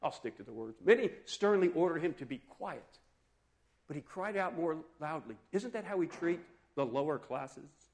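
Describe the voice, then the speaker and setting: A man preaching a sermon in an animated, conversational way, asking his listeners questions. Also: fairly high pitch, normal speed. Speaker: pastor.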